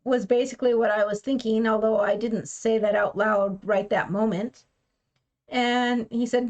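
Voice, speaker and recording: A woman's voice: a little high, fairly even intonation, normal speed. A woman vlogger telling a personal story in a frank, plainspoken way, sometimes acting out what others said. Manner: frank and plainspoken, acts out quoted speech. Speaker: keto vlogger.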